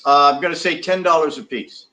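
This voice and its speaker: A man's voice: fairly high pitch, brisk, pushed and bright. A man co-hosting a casual podcast chat, teasing and cracking jokes. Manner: teasing, joking. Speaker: co-host.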